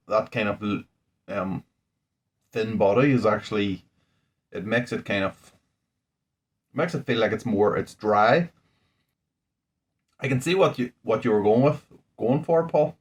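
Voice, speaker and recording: Husky low-voiced man, rambling. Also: lively intonation, a little slow, long pauses. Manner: rambling, chatty, thinking aloud. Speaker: home brewer reviewing beer. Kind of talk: casual beer-tasting vlog. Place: indoors at home under a ring light.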